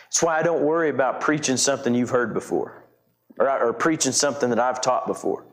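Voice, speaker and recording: A man's voice: medium pitch, brisk. A middle-aged man preaches to his congregation in an easy, conversational way. He circles back on his words, repeats phrases for emphasis, and keeps a mid-range voice. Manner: conversational preaching with many restarts and repetitions. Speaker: pastor. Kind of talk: sermon.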